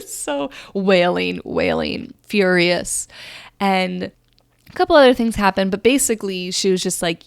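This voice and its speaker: Gravelly-voiced woman telling a story. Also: mid-range voice, measured pace, no room sound, studio quality. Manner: rambling, filler-heavy, earnest. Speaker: podcast host. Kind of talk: casual storytelling monologue.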